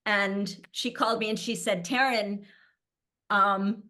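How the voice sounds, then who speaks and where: Middle-aged woman, panel guest, frank storyteller, quick to laugh. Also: medium pitch, steady tone, pushed and bright. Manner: candid, laughs often, storytelling. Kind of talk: conversational panel talk.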